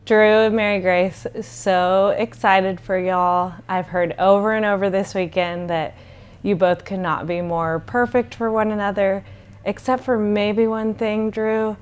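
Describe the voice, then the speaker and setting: A woman's voice: mid-range voice, fairly even intonation, unhurried, clean tone. A woman giving a good-humored wedding video message with a teasing aside.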